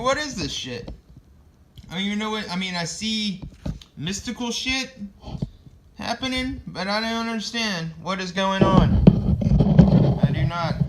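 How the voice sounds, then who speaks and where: A man giving a casual, rambling comic book review, sarcastic and quick to swear. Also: sits high, background noise.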